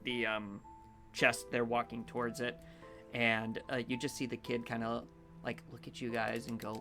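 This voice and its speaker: A man's voice: medium pitch, little pitch movement, normal speed, music in the background. A man narrating a tabletop game as game master, in a casual way with many fillers.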